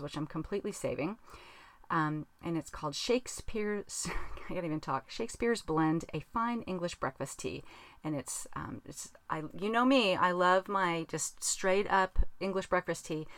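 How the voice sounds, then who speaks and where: A woman's voice: lowish voice, normal speed, no echo. A woman hosting a podcast in casual chat, rambling and laughing at herself, recorded in a small closet. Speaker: podcast host.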